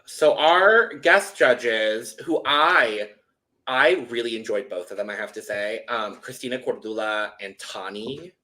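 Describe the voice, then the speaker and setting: Chatting loosely through a recap, this podcast co-host keeps restarting and tossing in "like." He speaks a little slowly in a mid-range voice with a sharp tone.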